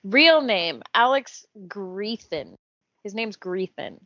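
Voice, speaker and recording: A woman's voice: medium pitch, animated, slow pace, pushed and bright, no room sound. A woman hosting a casual podcast, reading a character profile aloud with laughing asides. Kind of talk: casual chat. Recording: dull, dry podcast audio.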